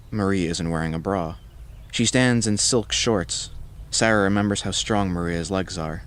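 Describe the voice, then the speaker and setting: A man narrating a horror story in a measured, scripted storytelling voice. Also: low-pitched.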